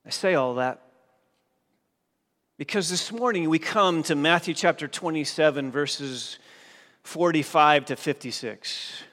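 A man's voice: on the high side, measured pace, pauses often, a bit bright. A male pastor preaching a sermon in a church, pressing his listeners with emphatic questions. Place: church sanctuary. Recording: long reverb of a church hall.

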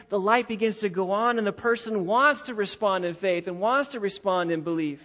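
A pastor delivering a sermon in a church, emphatic and repeating key phrases, slowing down to stress his points. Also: high voice, a bit bright. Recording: dull lo-fi recording.

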